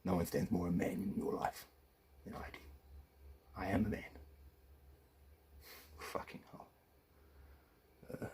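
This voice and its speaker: A man's voice: fairly low pitch, mellow, slight background noise. A man, an estranged father, delivering an angry, profane video rant with accusations, swinging between muttered asides and raised confrontation.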